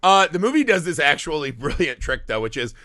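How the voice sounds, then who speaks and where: A man's voice: a little high, big pitch swings, brisk, bright, forceful tone, no echo, studio quality. A man co-hosting a movie podcast, telling the story in casual, profane chat and acting out the characters' lines. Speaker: podcast co-host.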